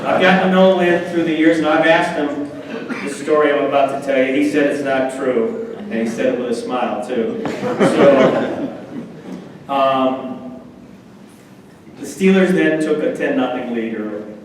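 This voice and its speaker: A man's voice: medium pitch, a little slow, pauses often. Storytelling man in an echoey hall. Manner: animated anecdotes, acts out quoted voices. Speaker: guest speaker. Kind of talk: after-dinner storytelling. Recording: echoey hall, distant mic, faint noise.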